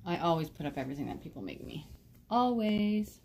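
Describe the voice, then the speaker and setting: A woman's voice: on the low side, big pitch swings, a little fast, a little mellow, slight background noise. A woman streaming live from home on her phone, chatting in a rambling way with viewers and her cats.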